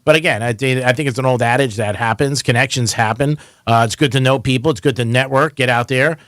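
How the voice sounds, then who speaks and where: Fast-talking joking male radio host. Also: medium pitch, fairly bright tone, no echo, clean studio sound. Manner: joking, teasing callers. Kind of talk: casual radio chat. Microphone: studio mic.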